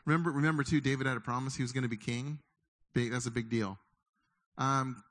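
A middle-aged man preaching a sermon, lively and conversational, often acting out the doubting voices of his listeners. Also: medium pitch, brisk. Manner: animated, acts out inner voices of listeners. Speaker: pastor.

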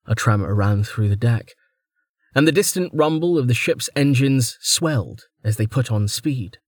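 Male narrator, unhurried, lively pitch, dry close-mic read. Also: no echo. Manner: dramatic storytelling. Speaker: audiobook narrator. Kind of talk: scripted narration.

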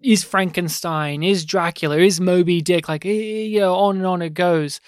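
Guy rambling on a film podcast, smooth clear voice, dry close sound, lots of ums and restarts. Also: high voice, fairly even intonation, moderate pace, no room sound. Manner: rambling, hesitant, many fillers and restarts. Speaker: podcast co-host. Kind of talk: casual film discussion.

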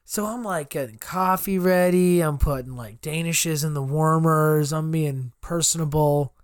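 A man's voice: a little high, unhurried, no echo, clean studio sound. A man co-hosting a podcast, telling a long rambling story in casual chat and acting out customers in quotes. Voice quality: swears freely. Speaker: podcast co-host.

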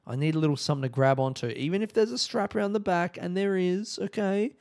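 A man's voice: high-pitched, quick pace, vocal fry, a little mellow. A young Australian man, a comedian, chatting in a rambling travel diary, correcting himself, swearing freely and laughing at his own stories. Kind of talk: casual travel diary chat.

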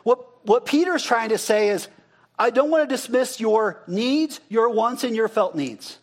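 Preaching an interactive sermon, this pastor speaks in a casual, talkative manner with a voice pitched noticeably high for a man. He stays animated at a measured pace, putting questions to the congregation and repeating whatever they shout back.

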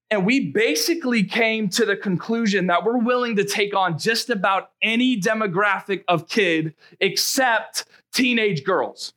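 Animated young preacher with a bright voice. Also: male voice, high voice, normal speed, hardly any pauses. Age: young adult. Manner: animated, exclaiming, calls out to congregation. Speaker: pastor. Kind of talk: sermon with personal story.

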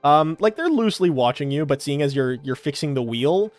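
A man narrating a tabletop game as game master, with many fillers and pauses. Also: on the high side, lively intonation, faint music behind. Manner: hesitant, filler-heavy narration.

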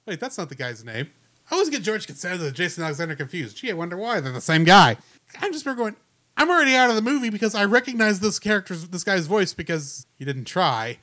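A man co-hosting a casual movie review podcast, ranting in an animated, opinionated way. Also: high voice, fast, hardly any pauses, no echo. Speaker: podcast co-host.

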